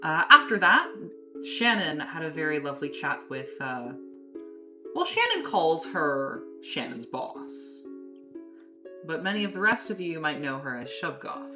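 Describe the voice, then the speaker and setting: Brief: woman game master, low voice, unhurried recaps, music playing behind. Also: sing-song. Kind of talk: narrating a tabletop horror game.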